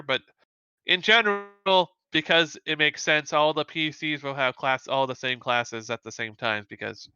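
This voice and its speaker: Bright, rambling man running a game. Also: a little high, smooth, no echo, muffled recording. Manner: rambling, self-correcting, many fillers. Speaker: game master. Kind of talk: narrating a tabletop game. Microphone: remote call mic.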